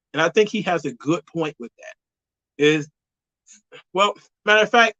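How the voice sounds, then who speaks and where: A man's voice: a little high, bright, forceful tone, muffled recording. A man giving an opinionated, conversational movie review in a casual spoken style.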